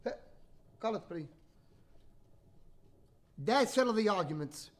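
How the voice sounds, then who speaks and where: Chatty guy reading bedtime stories on a livestream, high voice, teasing jokes. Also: animated, slow pace, pauses often. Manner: jokey, chatty, teasing asides. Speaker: host reading a bedtime story. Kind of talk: playful livestream storytelling. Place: home livestream.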